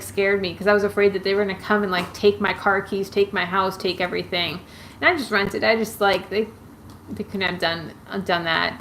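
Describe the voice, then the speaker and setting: A woman's voice: medium pitch, fairly bright tone, poor audio. Woman, casual live-stream chat, rambling, lots of fillers, home webcam mic, faint room hum. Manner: chatty, rambling, many fillers and restarts; reads out and answers live chat comments. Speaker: YouTuber answering viewer questions.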